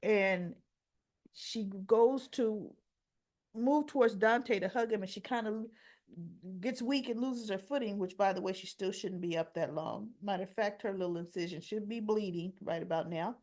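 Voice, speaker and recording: A woman's voice: medium pitch, normal speed, a little mellow. A woman giving a casual soap opera episode recap, chatty and opinionated, acting out the characters' lines as she goes.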